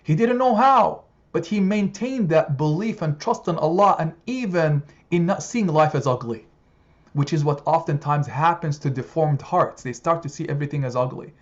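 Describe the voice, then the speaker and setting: Emphatic male religious teacher, higher voice. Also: animated, moderate pace. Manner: emphatic, repetitive, rhetorical questions. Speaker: religious study group teacher. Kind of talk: impassioned Quran study lesson. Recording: slightly muffled lo-fi recording.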